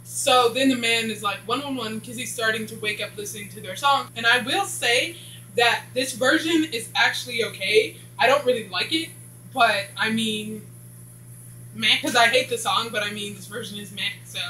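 A woman rambles through a TV episode recap in a bright, sharp voice. She waves off dialogue with a string of "blah"s. The room is echoey and carries a faint hum. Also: a little high, moderate pace. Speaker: TV show reviewer.

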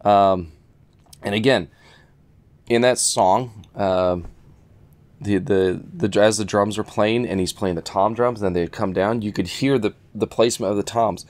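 Low-voiced man reviewing speakers casually. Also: a little slow. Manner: relaxed, rambling, with many fillers and restarts; enthusiastic about audio detail. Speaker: audio product reviewer.

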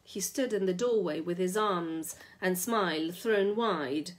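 A woman reading a short story aloud in a steady, measured way. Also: on the low side. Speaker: reader.

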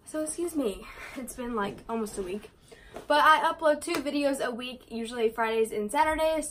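A young woman chatting casually to her camera as a vlogger, quick and rambling, full of likes and ums. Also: a little high, slight background noise.

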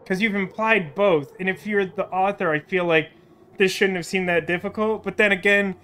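A man's voice: high voice, normal speed, a bit bright, a little hiss or hum. A young man chatting through a game as host, self-mocking and trying out character voices. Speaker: let's play host. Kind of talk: casual gameplay commentary.

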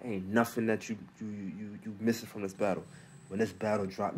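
Slangy low-voiced man recapping a battle. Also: level tone, a little fast, slight background noise. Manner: loose slangy talk with many restarts, fillers and quiet asides. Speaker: battle rap recap host. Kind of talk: casual solo commentary.

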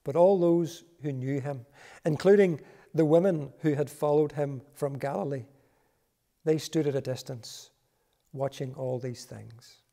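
A man reading a Bible passage aloud in a church service, measured and solemn. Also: on the high side, vocal fry, mellow. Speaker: scripture reader.

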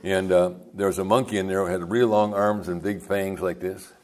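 A man's voice: low-pitched, fairly even intonation, moderate pace. An older man, a pastor, telling rambling folksy stories in a sermon and chuckling as he goes. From United States.

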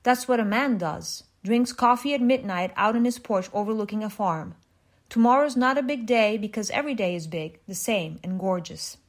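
A woman reading a short story aloud in an even, measured way, with small restarts. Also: mid-range voice. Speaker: reader.

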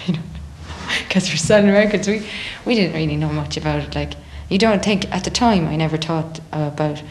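A young woman with an Irish accent and a low voice. She talks freely and animatedly in a casual interview, slipping into other people's voices as she tells stories. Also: moderate pace, a little hiss or hum. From Ireland. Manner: chatty, animated, acts out others' voices in quotes. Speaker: singer in a band.

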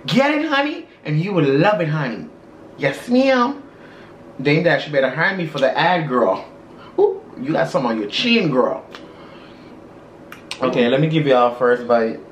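A man's voice: fairly high pitch, very animated, moderate pace, long pauses, echoey room, a little hiss or hum. A man co-hosting a mukbang vlog in a sassy, casual chat, calling everyone girl and honey. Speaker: mukbang co-host.

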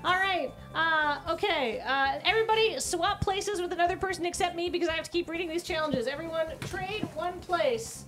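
A woman running a live charity stream, briskly calling out one challenge after another. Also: very high-pitched, a bit bright, faint music behind. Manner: brisk, calls out instructions, playful. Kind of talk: fast live stream hosting.

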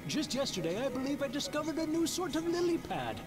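A man voicing a gentle, chatty male botanist in a video game. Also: very high-pitched, sing-song, fairly quick, very noisy. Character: fussy male botanist fond of plants. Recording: game audio with loud music.

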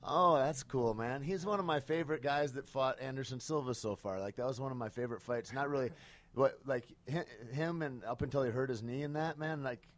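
A man's voice: medium pitch, fairly quick. Laid-back man hosting a podcast. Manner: laid-back, swears freely. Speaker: podcast host. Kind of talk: casual chat.

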